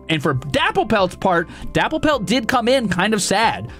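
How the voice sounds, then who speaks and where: A man streaming and chatting casually, excitable and profane, with sudden loud outbursts. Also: high-pitched, normal speed, hardly any pauses, faint music behind. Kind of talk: casual live-stream chat.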